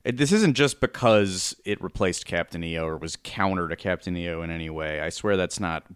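Wry low-voiced man hosting. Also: fairly quick, clear, resonant tone, dry recording, studio quality. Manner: wry, chatty, trails off softly. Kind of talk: casual podcast chat.

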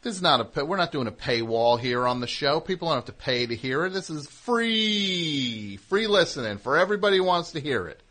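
A man's voice: mid-range voice, expressive, quick pace, a bit bright. A man hosting a call-in comedy show. He needles callers playfully and spins long rambling bits. His voice sits in a middle, everyday range. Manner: teasing, riffing in long rambling runs. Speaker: radio show host.

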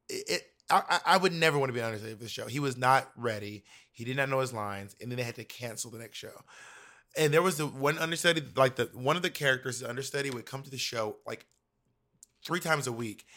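A man telling backstage stories with big, campy energy and plenty of swearing. His voice is bright and forward, and it comes through a remote video call. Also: mid-range voice. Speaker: drag performer and actor. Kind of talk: casual chat on a video call.

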